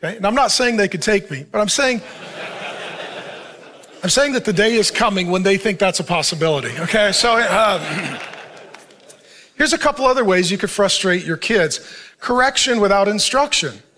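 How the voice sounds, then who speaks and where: A man's voice: high voice, animated, normal speed, long pauses, sharp tone, slight background noise. A middle-aged man, a pastor, giving a conversational sermon, putting questions to the audience and acting out short bits of dialogue. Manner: conversational preaching, asks the audience questions, acts out quoted dialogue.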